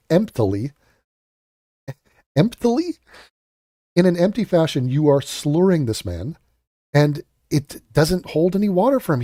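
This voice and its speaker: Male reaction host, mocking and sarcastic, swings his pitch a lot, warm dry sound. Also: dry recording. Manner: sarcastic, mocking, swears, mimics others. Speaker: commentary host. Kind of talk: reaction commentary.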